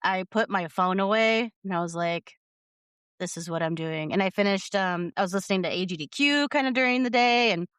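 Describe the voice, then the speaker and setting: Woman podcast co-host, smooth low-ish voice, hesitant and rambling, dry close sound. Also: a little fast, a bit bright, no room sound. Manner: hesitant, rambling, lots of fillers and restarts. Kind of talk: casual chat.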